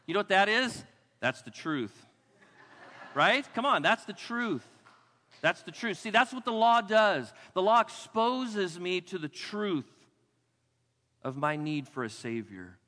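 Middle-aged male pastor, fairly high and bright, animated sermon delivery, reverberant sanctuary. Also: unhurried. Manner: animated, swings between loud exclamations and low quiet asides.

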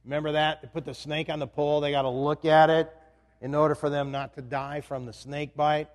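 In an echoing hall, a pastor preaches fairly quickly in a flat, slightly high voice. He keeps the sermon conversational by asking the congregation questions.

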